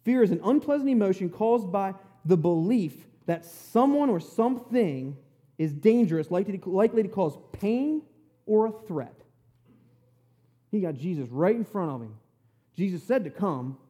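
A man's voice: high voice, lively intonation, moderate pace, dark tone. A man preaching a conversational sermon, retelling scripture in plain, folksy, emphatic words.

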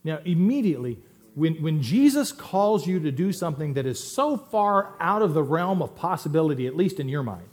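Middle-aged male pastor, emphatic sermon delivery with sudden loud and soft turns, voice a little high. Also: lively intonation, a little fast. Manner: emphatic, swings between loud stresses and quiet asides.

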